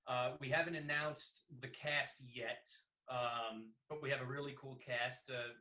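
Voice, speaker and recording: A man's voice: mid-range voice, steady tone, measured pace, bright, forceful tone, low-quality recording. A man, a filmmaker guest, chatting casually on a video call and laughing often.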